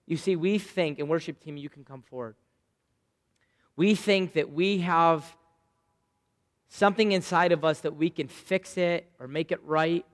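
Man preaching in a reverberant church. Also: on the high side. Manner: lively storyteller, jumps between loud bursts and quiet asides. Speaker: pastor. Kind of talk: sermon with personal storytelling.

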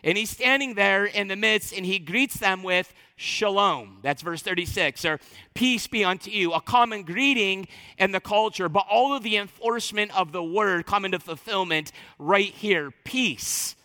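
A man preaching a sermon as pastor, animated and emphatic, acting out quoted speech. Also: high voice, moderate pace, few pauses, big-room sound.

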